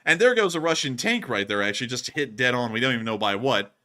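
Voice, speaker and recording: A man hosting a live-stream war commentary, excited and joking, often laughing. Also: medium pitch, quick pace. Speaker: host.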